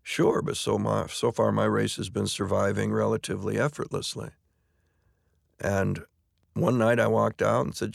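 A middle-aged man, a stage actor, talking in a relaxed, anecdotal way in an interview, often restarting and repeating words. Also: on the low side, a little slow, creaky, no room sound, clean studio sound. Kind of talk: conversational interview.

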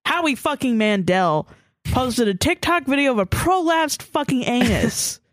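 A woman's voice: high-pitched, expressive, a little slow, dry recording, clean studio sound. A woman co-hosting a podcast in casual chat, swearing freely and mimicking online commenters with sarcasm. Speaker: podcast co-host.

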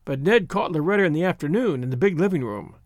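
A man reading a novel aloud as narrator, dramatic and expressive. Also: fairly high pitch, fast, no echo, studio quality. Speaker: audiobook narrator.

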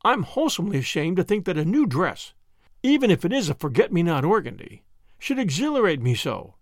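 A gentle storybook lady sighs and laughs at her own fondness for pretty things, as a man reads her part. Her pitch swoops lively from high to low. The sound is dry and close. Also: a little fast, dry recording, exaggerated voice. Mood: wistful. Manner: sighing and self-mocking. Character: wistful gentle older lady, self-mocking.

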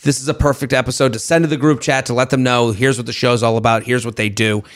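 A man's voice: mid-range voice, little pitch movement, fast. A man co-hosting a podcast, chatting casually and jokingly and reading a listener's email aloud. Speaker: podcast co-host. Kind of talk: casual comedic chat. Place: podcast studio.

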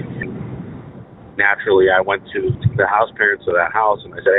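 A young man tells his story earnestly over a tinny phone line, stopping and restarting often. His voice sits fairly low. A faint hiss runs under the call. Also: little pitch movement. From Maine. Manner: earnest, halting, with many fillers and restarts. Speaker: caller.

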